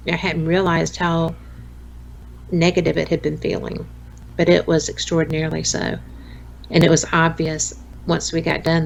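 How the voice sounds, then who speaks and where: Gravelly low-voiced woman guest. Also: poor audio. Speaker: podcast guest. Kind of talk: casual interview chat. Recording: faint background noise.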